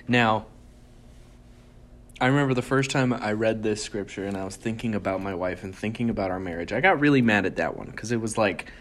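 A man's voice: fairly low pitch, fairly bright tone. Earnest man giving a casual devotional. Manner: earnest, reads verses slowly and with emphasis; conversational, chuckles and restarts. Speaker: devotional speaker. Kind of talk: casual Bible devotional talk.

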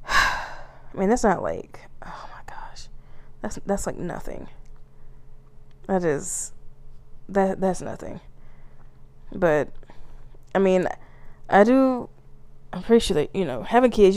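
A woman hosts her own podcast alone, talking loosely and swearing freely between bursts of laughter. Her voice sits at a middle pitch, recorded close and dry with no room sound. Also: no echo. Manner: profane, animated, laughs often. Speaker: podcast host. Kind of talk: solo podcast rant.

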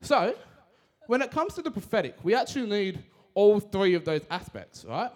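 A young man giving a casual, energetic sermon, talking fast with slang. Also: high-pitched.

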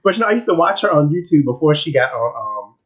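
A man's voice: fairly high pitch, big pitch swings, quick pace. A man co-hosting a podcast in casual chat, laughing often and teasing his co-host.

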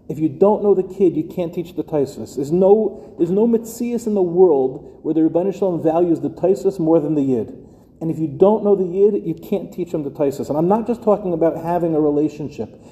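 Middle-aged rabbi lecturing in a hall. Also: male voice, fairly high pitch, a little fast, dark tone, highs cut off. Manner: conversational, addresses listeners directly with rhetorical questions. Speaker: rabbi teaching educators. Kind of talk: lecture to a live class.

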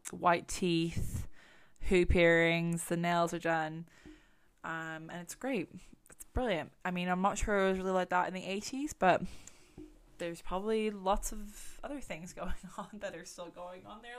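A woman hosting a true crime podcast, chatting casually with a rambling, sweary manner. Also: on the low side. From England. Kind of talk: casual chat.

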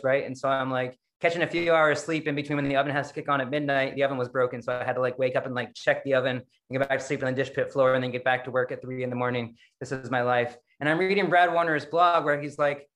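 A middle-aged man giving a casual, rambling dharma talk over a video call, self-deprecating and quick to laugh at himself. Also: fairly high pitch, fairly bright tone. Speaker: Zen practice leader giving a dharma talk.

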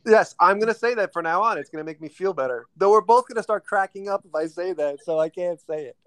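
A man's voice: sits high, lively intonation, fast talker, fairly bright tone, no room sound. A man hosting a podcast, joking crudely in casual chat. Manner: crude, joking, laughs often. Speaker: podcast host.

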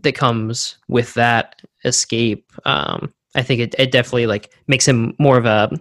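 A man's voice: mid-range voice, fairly even intonation, normal speed, fairly bright tone, no echo, studio quality. A man co-hosting a book podcast, talking casually and thoughtfully. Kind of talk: casual chat.

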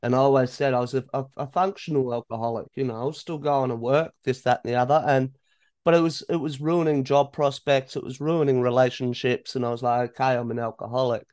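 A man's voice: medium pitch, fairly even intonation, a little fast, darkish tone, dry recording, clean studio sound. Earnest man hosting a casual podcast. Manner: open and earnest, with casual swearing. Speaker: podcast host. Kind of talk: casual conversational chat.

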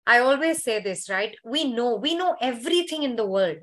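A woman hosting a healing call, chatting and then guiding a gentle meditation in a soft, slow, soothing voice over a video call. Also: fairly high pitch, lively intonation. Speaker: healer hosting a summit call. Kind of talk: guided meditation and conversation.

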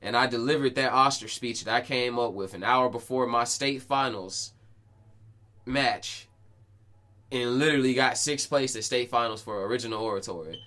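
This is a podcast host in his twenties, chatting casually with a friend. His voice sits at an ordinary male pitch. His talk is slangy and profane, with lots of quick restarts. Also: pushed and bright. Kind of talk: casual chat.

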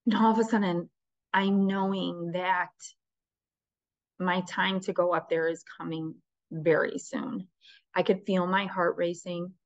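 A woman's voice: fairly low pitch, flat delivery, a little slow, dry recording, highs cut off. Candid woman telling a personal story. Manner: candid, conversational, acts out her own quoted thoughts. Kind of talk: casual storytelling.

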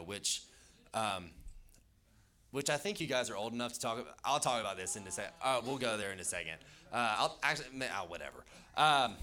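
A man's voice: lowish voice, bright, forceful tone. A young man preaching a casual youth sermon, chatty and loose, with jokey asides and lots of fillers. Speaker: youth pastor.

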